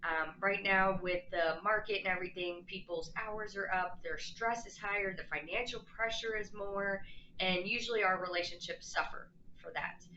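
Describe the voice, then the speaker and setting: A woman's voice: medium pitch, steady tone, normal speed, sharp tone, roomy sound, muffled recording, slight background noise. A woman life coach talking earnestly and casually to camera, acting out quoted lines as she explains.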